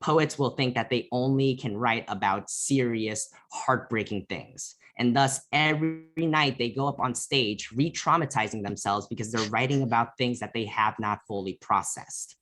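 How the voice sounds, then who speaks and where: Young man teaching a poetry workshop on a video call, mid-pitched, casual and emphatic. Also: moderate pace, hardly any pauses, a bit bright. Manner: conversational, emphatic.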